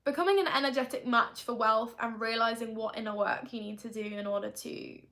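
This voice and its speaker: A woman's voice: on the high side, fairly even intonation, brisk, bright, forceful tone. A young woman talking through a confessional vlog as a manifestation coach, in a chatty, rambling way full of tag questions.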